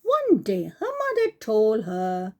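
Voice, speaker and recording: Slow, lively woman reading a fairy tale. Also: medium pitch. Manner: slow, with chatty asides to young listeners. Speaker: storyteller on a kids' channel.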